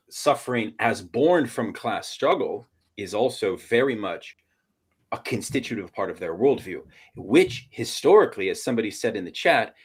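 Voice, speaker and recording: Man from Portland, lowish voice, podcast panelist, thinks aloud in halting, theory-heavy sentences. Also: husky. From Portland, Oregon. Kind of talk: casual academic discussion.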